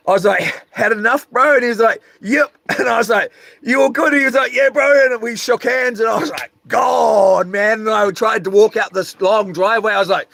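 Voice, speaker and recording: Animated rambling man. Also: sits high, dry recording. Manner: rambling, animated, acts out quotes and sound effects. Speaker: vlogger. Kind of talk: casual storytelling.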